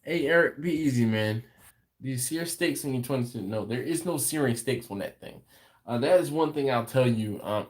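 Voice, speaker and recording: An American man hosting a live barbecue stream, chatting casually and answering viewer comments with lots of fillers and restarts. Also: mid-range voice. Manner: slow, laid-back storytelling with frequent fillers and restarts. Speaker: host of a barbecue livestream. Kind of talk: casual livestream chat reading viewer comments.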